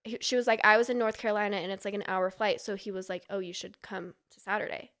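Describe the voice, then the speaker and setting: A woman's voice: medium pitch, steady tone, fast talker, a bit bright. A woman from Utah, a podcast guest, telling a long gossipy story in casual chat and acting out the people she quotes.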